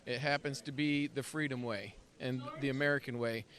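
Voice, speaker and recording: A man making a firm, assertive campaign pitch in an interview at an evening gala. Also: steady tone, moderate pace, fairly bright tone. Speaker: political candidate.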